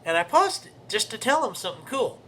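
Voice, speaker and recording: Sing-song and brisk, a young man's high, pushed, bright voice carries his own show as he rambles, corrects himself, and recites poetry in a casual monologue.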